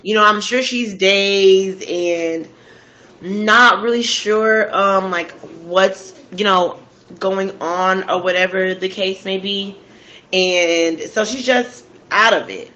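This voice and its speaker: Slow-talking woman recapping a crime story. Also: mid-range voice, bright, forceful tone, muffled recording. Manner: slangy, conversational, drawn-out storytelling. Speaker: storytelling host. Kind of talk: casual true-crime recap while eating.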